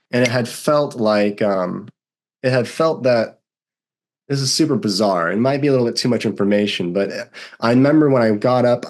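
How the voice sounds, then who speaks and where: A young man, a podcast guest, vividly retelling a personal story and acting out what others said. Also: fairly low pitch. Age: young adult. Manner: vivid, animated retelling with acted-out quotes. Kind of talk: storytelling in a conversation.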